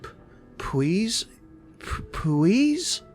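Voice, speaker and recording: An eerie, possessed woman clerk who talks in a flat, lifeless monotone, as a male narrator puts her on. Her delivery is lower and quieter than the narration around her, suited to a horror audiobook. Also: extremely slow, faint music behind, heavily acted. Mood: choked. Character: possessed female thrift store clerk, glazed and eerie.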